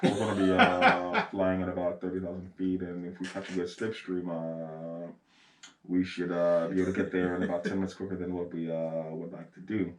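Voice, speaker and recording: A man putting on a deep-voiced airline pilot with a mock French accent, halting with drawn-out fillers. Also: completely flat delivery, echoey room, far from the mic, natural voice, low-quality recording. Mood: mock-serious.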